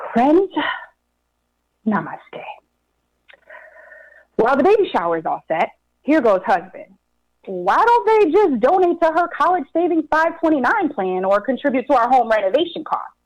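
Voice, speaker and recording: A woman's voice: mid-range voice, a little mellow, rough recording. A young adult woman performing a personal story with wry sarcasm and dramatic repetition.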